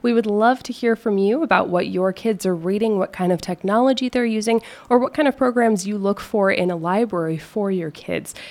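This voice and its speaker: A woman hosts a local call-in radio program, with a mid-range voice. She reads out phone numbers at a slow, careful pace and talks easily with her guest. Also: mid-range voice, a little mellow. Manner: friendly, giving out phone numbers slowly. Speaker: radio talk show host.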